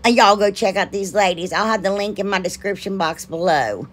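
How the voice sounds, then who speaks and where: A woman's voice: medium pitch, fairly quick. A woman hosting a craft channel, narrating her project in a chatty, rambling way and gushing with enthusiasm. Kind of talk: casual craft tutorial narration.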